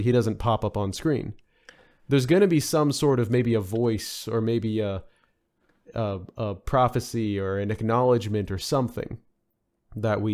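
Man musing, lots of fillers. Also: mid-range voice. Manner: rambling, many fillers and restarts. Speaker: podcast guest. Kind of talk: casual podcast discussion.

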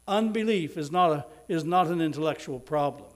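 A middle-aged male preacher delivering a sermon, slowing down for emphasis and swelling louder on key words, and leading the congregation in prayer. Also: on the high side. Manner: preaching with emphatic slow stresses and sudden swells in loudness.

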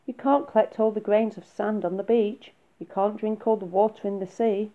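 A woman voicing a calm, wise little male rabbit who lectures gently and patiently. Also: medium pitch, moderate pace, close to an everyday voice. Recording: phone-like narrow sound.

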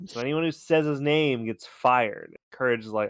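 A man's voice: mid-range voice, moderate pace, smooth, dry recording, clean studio sound. A man co-hosting a podcast, recapping a cartoon episode in loose, swearing, laughing chat. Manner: animated, swearing, laughing storyteller. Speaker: podcast co-host.

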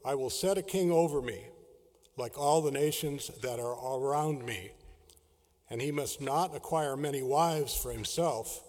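A man reading scripture aloud in a formal, measured way during a service. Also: mid-range voice, a little mellow. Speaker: scripture reader. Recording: large hall with long reverb.

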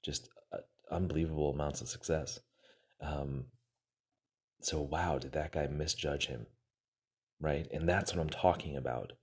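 A man's voice: rumbling low, fairly even intonation, measured pace, long pauses, husky. A man casually retelling a success story to motivate his listeners, acting out the quoted lines and using many fillers.

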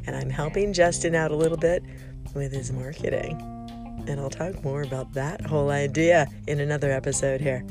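Gravelly woman hosting over guitar music. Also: low-pitched, fairly even intonation, moderate pace. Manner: friendly and appreciative toward callers. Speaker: podcast host. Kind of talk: casual chat reading listener messages. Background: plucked guitar music.

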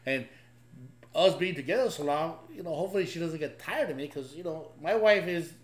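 A man's voice: fairly high pitch, brisk. A married man in casual podcast chat, rambling and swearing, stammering as he talks about himself. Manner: rambling, profane, self-deprecating, stammers.

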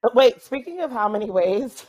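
A woman's voice: on the high side, lively intonation, normal speed, highs cut off, crowd noise. A woman co-hosting a podcast in casual chat, teasing and chiming in often. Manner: playful teasing, chimes in often. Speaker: podcast co-host.

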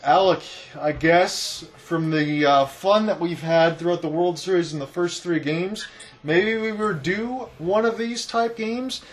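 Excitable high-voiced male play-by-play caller. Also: a little slow. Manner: calm analysis that rises to loud excited calls on big hits. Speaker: play-by-play commentator. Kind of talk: fan broadcast baseball commentary.

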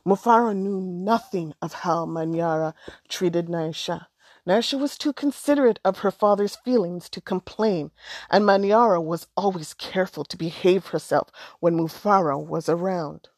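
A woman narrating a storybook aloud in a measured, expressive way. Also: on the low side, no echo.

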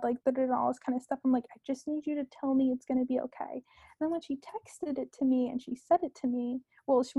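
A young woman, a podcast guest, talking casually and earnestly about herself, with many fillers and soft asides. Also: high-pitched, breathy edge, no room sound, highs cut off.

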